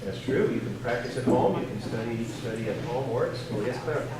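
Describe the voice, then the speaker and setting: A woman's voice: very deep voice, brisk, over a noisy crowd. A woman music teacher hosting her class's performance, encouraging and calling on pupils by name. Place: school performance room. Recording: echoey room from far off, loud audience. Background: audience of families.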